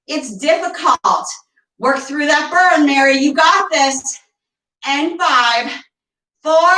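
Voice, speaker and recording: A woman leads a home barre class in a slightly high voice, taking her time with each cue. She counts reps and urges the class on, a little breathless, heard from across an echoey room. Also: pushed and bright, recorded from a distance. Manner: encouraging, counting reps, chatty asides. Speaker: fitness instructor. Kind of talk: guided workout instruction.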